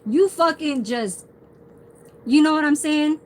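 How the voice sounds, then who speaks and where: Rambling, profane woman streamer with a slightly high voice, faint room ambience. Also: slow pace, a little mellow, slight background noise, low-quality recording. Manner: heavy swearing, rambling storytelling. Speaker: livestreamer. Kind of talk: casual livestream rant.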